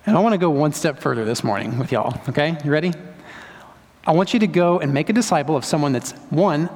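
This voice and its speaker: In the echoing space of a church sanctuary, a man preaches a sermon as pastor, sounding earnest and conversational with emphasis that climbs. His pitch is fairly high, and the hall's long reverb hangs on every phrase.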